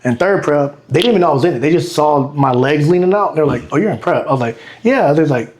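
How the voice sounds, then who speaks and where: A man's voice: on the high side, fast. A man in his thirties, a bodybuilder and coach, chatting casually on a podcast and acting out what his clients say. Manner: animated storyteller, acts out voices of clients.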